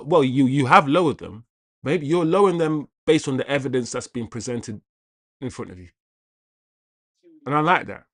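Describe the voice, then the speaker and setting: A man's voice: mid-range voice, a bit bright, no room sound, studio quality. A man hosting a live football watch-along stream, talking casually and chattily to his viewers, repeating himself and greeting viewers by name.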